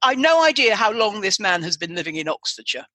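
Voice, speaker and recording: A woman hosting a chatty podcast, her voice bright and forward. She wanders through her points with plenty of restarts and side remarks. The sound is close and dry, with no room around it. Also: medium pitch, big pitch swings, fairly quick, dry recording. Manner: rambling, with many restarts and asides. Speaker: podcast host. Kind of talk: casual chat.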